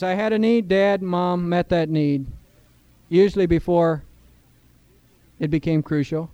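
A man's voice: high-pitched, animated, moderate pace, dark tone, clear, resonant tone, no echo. A middle-aged man preaching a sermon in church, earnest, with a rising emphasis on key points. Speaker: pastor.

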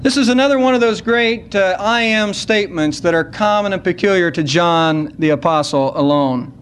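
A man preaching a sermon at a church service, earnest and unhurried, slowing down to stress key words. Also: high voice, a bit bright, slight background noise. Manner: earnest, slows down to stress scripture.

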